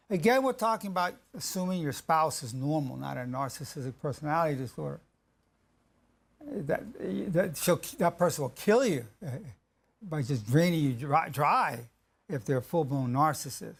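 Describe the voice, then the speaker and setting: A man lectures on marriage in a gravelly, slightly high voice. He hammers his key phrases with slow repetition and often restarts his sentences partway through. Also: expressive. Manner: emphatic, repeats key phrases slowly; halting restarts mid-sentence.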